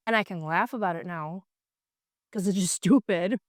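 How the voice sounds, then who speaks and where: A woman's voice: mid-range voice, moderate pace, no echo, studio quality. A middle-aged woman co-hosting with her husband, talking in an earnest, emotional way. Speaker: co-host, host's wife. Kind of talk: casual video chat.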